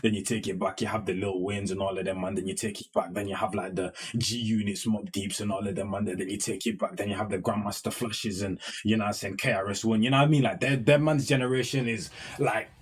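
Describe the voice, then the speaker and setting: A man's voice: fairly low pitch, steady tone, fast, hardly any pauses, husky. A young man, hosting a music reaction video in casual, slang-heavy talk that keeps checking in with the listener. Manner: slang-heavy, keeps asking "you know what I mean".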